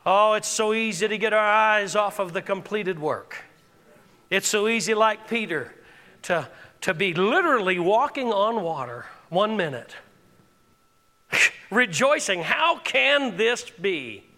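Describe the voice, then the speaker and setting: With lively intonation and a measured pace, a high-pitched male pastor gives an impassioned sermon in a church sanctuary, leading call-and-response and building to shouts. The audio has a big-room sound.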